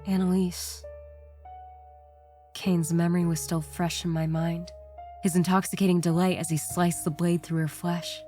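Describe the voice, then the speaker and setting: A woman's voice: lowish voice, level tone, unhurried, dark tone. A woman narrating horror stories in a tense, scripted storytelling style. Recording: faint background music.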